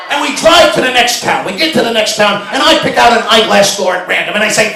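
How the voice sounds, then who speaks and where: Middle-aged stand-up comic, high lively voice, animated storytelling, echoey live room. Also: male voice, quick pace, few pauses, crowd noise. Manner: animated storyteller, acts out shouting arguments. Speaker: stand-up comedian. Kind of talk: stand-up comedy routine. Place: stage before a live audience. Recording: roomy live venue sound.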